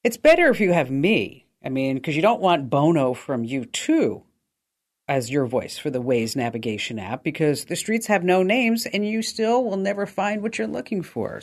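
A woman's voice: low voice, darkish tone. A woman hosting a tech call-in radio show, talking in an upbeat, chatty way and reading ads.

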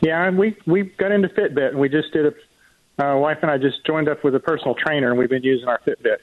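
Guy calling into a radio show, kinda hesitant, muffled lo-fi call line. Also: a little high. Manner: hesitant, halting with fillers. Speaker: caller. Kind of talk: casual call-in chat.

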